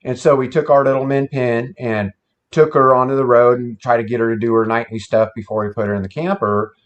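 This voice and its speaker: A man's voice: mid-range voice, level tone, fairly quick. Folksy man telling a campfire story. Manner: plain-spoken, folksy. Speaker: guest telling an encounter story. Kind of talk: casual storytelling. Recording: dull lo-fi sound.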